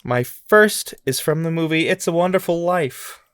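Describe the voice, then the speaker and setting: A man co-hosting a podcast game segment, relaxed and chatty, laughing easily. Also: on the high side, normal speed, clean tone, dry recording, clean studio sound. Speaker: podcast co-host. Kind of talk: casual game-show chat.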